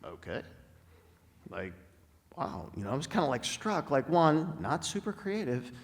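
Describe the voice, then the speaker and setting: A middle-aged man giving an inspirational talk as a guest speaker, telling stories with dramatic pauses and slowing down for emphasis. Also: a little high, sing-song. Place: large spiritual center hall. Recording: long hall reverb.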